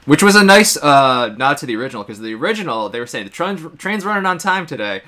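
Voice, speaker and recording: Co-host, male, bright and sharp tone, animated, quick to laugh, casual film recap. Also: mid-range voice. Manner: animated, laughs often, acts out characters' lines. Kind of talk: casual movie discussion.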